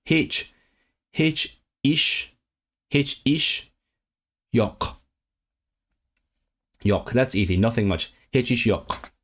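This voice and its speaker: A man from Hong Kong livestreams for his chat while learning a language, sounding out words, repeating them, and correcting himself aloud. His medium-pitched voice is expressive and a bit bright, with drawn-out words and long pauses.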